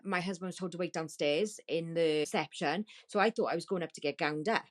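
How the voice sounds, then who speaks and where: A woman guest on a talk show, telling a painful story in a halting, distressed way with many restarts. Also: fairly low pitch. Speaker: podcast guest. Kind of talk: emotional storytelling.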